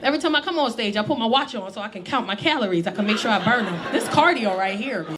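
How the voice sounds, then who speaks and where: A woman's voice: a little high, expressive, fast talker. A woman in her forties doing a brash, profane stand-up set on a comedy club stage. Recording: live club crowd laughing.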